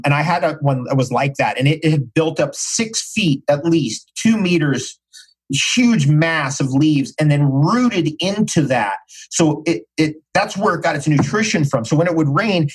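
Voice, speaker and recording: A man's voice: fairly high pitch, slightly rough, rough recording. A middle-aged man, a podcast guest, telling stories in casual conversation with enthusiasm and slang.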